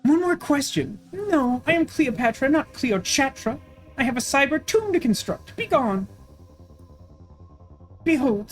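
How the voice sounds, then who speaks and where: A woman's voice: high-pitched, voice pushed up. A woman voicing a vain, haughty ancient queen who has become a vengeful cyber ghost, declaiming grandly. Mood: imperious. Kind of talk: voicing game characters.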